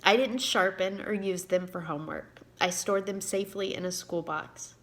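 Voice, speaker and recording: A woman in her forties from Indiana, an author who records a personal video and reads aloud from her book, emotional and halting at times. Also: mid-range voice. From Indiana, USA. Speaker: author and giving speaker.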